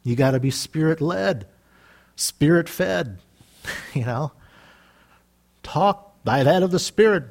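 Casting: male preacher, high voice, animated delivery, plays out dialogue mid-sermon. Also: slow, gravelly, pauses often. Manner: animated, acts out quoted voices, laughs often. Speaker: pastor.

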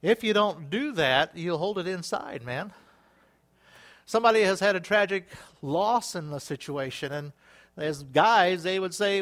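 A man's fairly high voice carries this sermon, a pastor in a church. He talks to the congregation in a loose, conversational way, then breaks into loud hallelujahs and acts out quoted voices. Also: unhurried. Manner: animated, with sudden exclaimed hallelujahs and acted-out quotes.

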